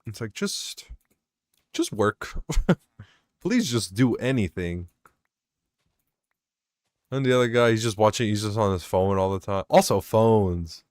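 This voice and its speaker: A man's voice: fairly low pitch, expressive, unhurried, long pauses, darkish tone, no room sound, clean studio sound. A young man rambling and swearing as he vents about work over his gameplay commentary. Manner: rambling, swearing, venting, self-mocking. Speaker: gaming vlogger.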